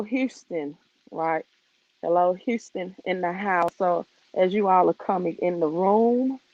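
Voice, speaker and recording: A woman's voice: on the low side, a little mellow, dry recording, dull audio. A woman from Mississippi with a Mississippi Southern accent, hosting a casual finance live stream outdoors on her phone, chatty and conversational as she greets viewers.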